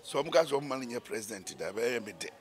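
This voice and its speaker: A man's voice: fairly low pitch, very animated, fast talker. A man giving emphatic, opinionated views as co-host in a casual political chat.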